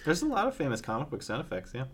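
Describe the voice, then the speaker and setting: A co-host in a casual chat, dropping dry, deadpan asides and trivia. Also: medium pitch, very fast, slightly rough.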